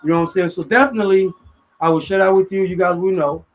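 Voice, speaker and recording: A man's voice: sits high, fairly even intonation, fast talker, faint music behind, poor audio. A man hosting a live radio show, talking loosely and casually, full of "you know what I'm saying" fillers.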